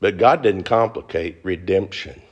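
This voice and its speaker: Middle-aged preacher guy, fast folksy talk, low voice that shoots up high when he gets going. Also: slightly rough, lo-fi sound. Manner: fervent preaching, climbing into high emphatic bursts; fast-talking, folksy with y'all and ain't. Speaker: pastor. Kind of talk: sermon. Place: church before a congregation.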